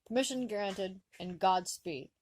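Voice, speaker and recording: A woman voicing a stern older male starship captain in a put-on Gaelic accent, speaking slowly and formally. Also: medium pitch, a little hiss or hum, close to an everyday voice. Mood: dignified. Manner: slow, measured and formal.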